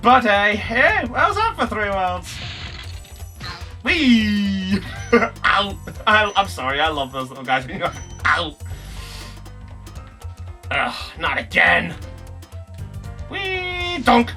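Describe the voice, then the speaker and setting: A young man giving jokey, excitable let's play commentary, yelping and swearing as he plays. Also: high-pitched, slow, long pauses, distant mic. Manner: excitable, jokey, swears, bursts into yelps and shouts. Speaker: gaming YouTuber. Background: game music.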